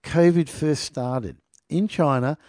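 A man's voice: on the high side, slow, darkish tone, dry recording, studio quality. A man reading news aloud and commenting casually, sarcastic, laughing often and stumbling over hard words.

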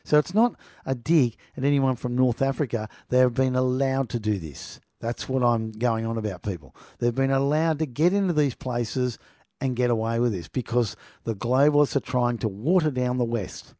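In clean, echo-free studio sound, a middle-aged man with a warm, medium-pitched voice talks at a moderate pace. He hosts a podcast of casual monologue, meandering through travel stories and reading from an article while often emphasizing "people."

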